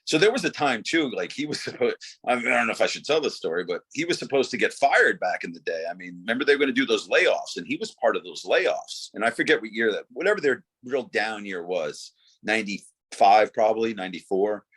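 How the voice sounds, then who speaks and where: Laid-back husky-voiced man. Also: lowish voice, lively intonation, brisk, a bit bright. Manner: laid-back, says "dude" and "you know" a lot. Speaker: guest, former wrestler. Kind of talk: casual interview conversation.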